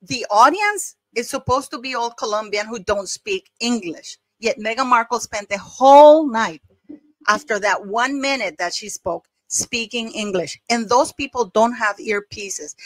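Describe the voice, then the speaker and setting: A woman's voice: on the high side, measured pace, a bit bright, no room sound. A woman hosting a casual commentary video, reading out online comments with chatty asides and frequent laughter. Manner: chatty, laughs often, stumbles and restarts. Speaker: commentary channel host.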